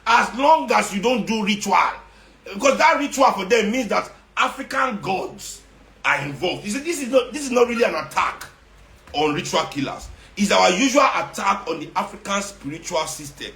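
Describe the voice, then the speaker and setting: Man, Nigerian accent, higher voice, confrontational, sarcastic, Pidgin mixed in, echoey room. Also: animated, moderate pace, pushed and bright. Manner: confrontational, sarcastic, repeats for emphasis. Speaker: activist speaking to followers. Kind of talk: impassioned monologue. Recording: roomy echo.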